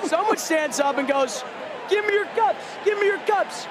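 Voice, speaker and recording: Hyped fan guy yelling, super high voice, loud stadium crowd all around. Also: normal speed, background noise. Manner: exuberant, shouting over the crowd. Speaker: baseball fan interviewed at a game. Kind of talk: excited on-the-spot interview. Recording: loud ballpark crowd on a broadcast clip.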